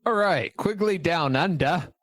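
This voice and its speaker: A man's voice: fairly high pitch, expressive, a bit bright, dry recording. A man co-hosting a casual podcast, teasing the host and reading out film facts. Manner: teasing, jokey, reads facts off quickly. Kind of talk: casual chat.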